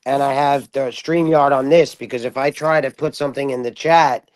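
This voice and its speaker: A man chatting casually on a group live stream, excitable and rambling with many restarts. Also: medium pitch, fairly quick, no room sound. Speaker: stream participant.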